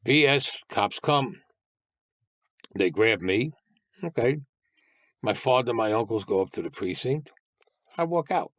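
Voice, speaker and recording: An older man tells his stories in a blunt, streetwise way and swears freely. His voice sits at an ordinary pitch, and the recording is dry and close with no room sound. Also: lively intonation, measured pace, pauses often, a bit bright, no echo. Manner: blunt, streetwise storytelling with profanity. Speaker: interview guest. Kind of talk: casual storytelling.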